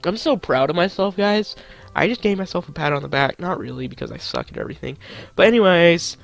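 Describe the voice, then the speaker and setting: High-voiced man cursing at a golf game. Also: sing-song, a little fast, creaky. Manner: swearing, joking to himself. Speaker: gaming channel host. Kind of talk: solo gameplay commentary.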